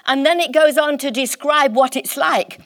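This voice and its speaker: A woman preaching a sermon in church, impassioned and emphatic, slowing down to stress key words. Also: high voice, a bit bright.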